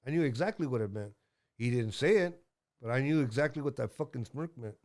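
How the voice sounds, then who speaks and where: A man's voice: medium pitch, lively intonation, fairly quick, a little mellow. A man in his sixties telling a rambling story as a guest, blunt and profane, with lots of fillers and restarts. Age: 60s.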